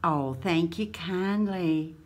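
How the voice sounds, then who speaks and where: A woman with a Southern American accent hosts a casual craft channel vlog, gushing, laughing often, and peppering her talk with folksy sayings. Her voice is on the low side and she speaks slowly.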